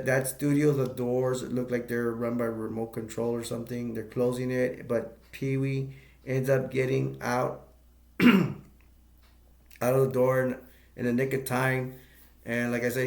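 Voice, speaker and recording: A man's voice: medium pitch, vocal fry, reverberant. A man giving a casual, rambling movie review, retelling the plot with many restarts and stops.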